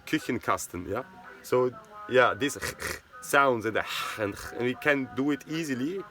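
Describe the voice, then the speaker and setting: A man's voice: mid-range voice, fairly bright tone. A man with a Swiss German accent, a native Swiss German speaker from Switzerland, giving a rambling casual history talk with constant "yeah?" tag questions.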